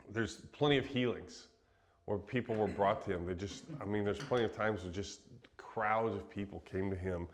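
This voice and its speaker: Man with a somewhat low voice, from Western Kansas, relaxed conversational Bible teacher. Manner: relaxed, chatty, laughs easily, frequent ums. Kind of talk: casual Bible teaching chat.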